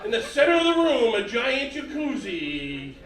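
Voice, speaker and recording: A middle-aged man performs stand-up on a club stage, punchy and quick to put on exaggerated voices. His voice sits high and carries from off-mic. The room sounds echoey, and crowd laughter rolls in loudly. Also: sing-song, heavy background noise. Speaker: stand-up comedian. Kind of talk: stand-up comedy set. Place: comedy club stage with live audience. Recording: roomy club sound from a distance, audience laughter.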